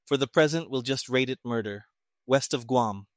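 A man playing a gruff, sarcastic army colonel. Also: medium pitch, normal speed, no room sound, studio quality, natural voice. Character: irritated, sarcastic older male army colonel.

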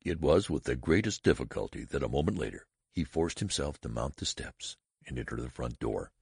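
A man narrating a story in an expressive audiobook reading, voicing each character. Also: rumbling low, fairly quick, creaky, breathy edge, dry recording, clean studio sound.

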